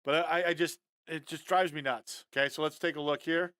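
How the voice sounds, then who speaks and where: A man breaking down football game film on a live stream, animated and fired up, talking straight to his viewers. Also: on the high side, fairly quick, clean tone, no echo, clean studio sound. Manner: addresses viewers as guys, often adds okay.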